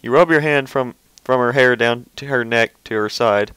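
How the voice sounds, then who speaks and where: A man's voice: medium pitch, moderate pace, a bit bright, clear, resonant tone, dry recording, rough recording. A man reading fan fiction aloud, often stumbling over words and breaking off into casual, offhand asides. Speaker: reader.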